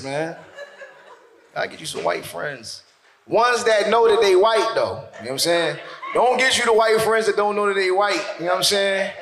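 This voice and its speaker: A man doing stand-up comedy, telling loud, animated stories and acting out other people's voices. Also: high voice, roomy sound. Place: stage in a venue with audience.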